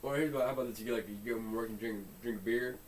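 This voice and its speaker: A man's voice: medium pitch, fairly even intonation, racing. A man co-hosting a podcast, joking around in casual chat and acting out little scenes in muttered voices. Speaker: podcast co-host. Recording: distant mic with faint hiss.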